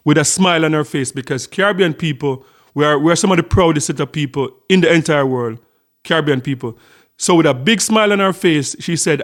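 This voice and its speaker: A man's voice: fairly high pitch, a little fast. A middle-aged Jamaican man hosting a casual vlog, telling a story in a chatty way with lots of repeated words. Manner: chatty storytelling with frequent repetitions. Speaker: channel host.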